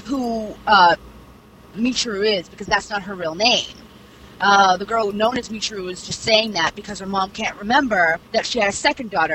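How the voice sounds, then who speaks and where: A young woman casually retelling a story with lots of fillers and asides, swearing freely. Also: mid-range voice. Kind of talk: casual chat, retelling a series plot. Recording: clear background noise.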